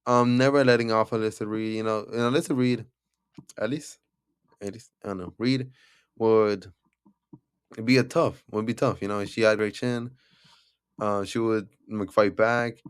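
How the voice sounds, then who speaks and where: A man's voice: fairly low pitch, fairly even intonation, normal speed, pauses often, clean tone, no room sound, clean studio sound. Rambling young man recapping fights. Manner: rambling with many fillers and restarts. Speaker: MMA recap video creator. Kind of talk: casual fight recap commentary.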